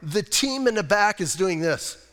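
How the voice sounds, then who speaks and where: Animated yet unhurried, a man with a high, somewhat bright voice preaches to his congregation. This pastor's conversational sermon is plainspoken, casual, and self-deprecating, echoing with the long reverb of a church hall.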